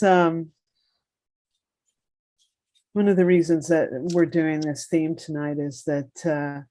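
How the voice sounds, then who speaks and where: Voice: mid-range voice, steady tone, measured pace, long pauses, mellow, no echo. A host of a poetry event, speaking conversationally to an audience, with fillers. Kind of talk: casual talk to an audience.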